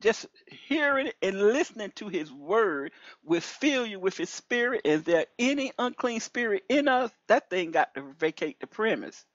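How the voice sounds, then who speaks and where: A woman minister giving an animated testimony over a phone call, preachy and repetitive, her voice leaping high when excited. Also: moderate pace, no echo. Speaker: deliverance minister. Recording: dull lo-fi call audio.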